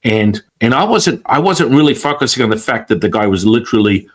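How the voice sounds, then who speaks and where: Animated man telling a story. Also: mid-range voice, fairly quick. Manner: animated, acts out quoted voices. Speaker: guest. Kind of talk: casual storytelling.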